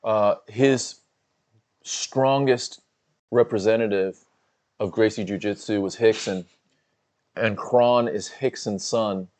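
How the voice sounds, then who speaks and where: A man's voice: on the low side, fairly even intonation, takes it slowly, long pauses, darkish tone. A man co-hosting a fight watch-along livestream, chatting casually, laughing often and reading out chat comments.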